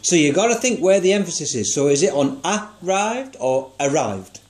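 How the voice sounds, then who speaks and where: Patient man teaching songwriting, slightly high. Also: lively intonation, fast, a little mellow. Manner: patient, encouraging, asks guiding questions; sings short notes to demonstrate. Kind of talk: one-to-one music lesson.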